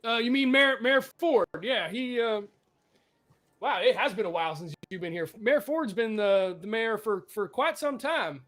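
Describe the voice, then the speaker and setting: A man's voice: sits high, lively intonation, moderate pace. A man narrating a tabletop role-playing game as game master, rambling with many restarts.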